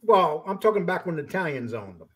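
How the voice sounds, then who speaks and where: A man hosts a loose live stream, trading jokes and crude stories and laughing easily. His voice sits high and swings widely in pitch. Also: very animated, fast talker. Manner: joking storyteller, laughs easily. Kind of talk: casual chat.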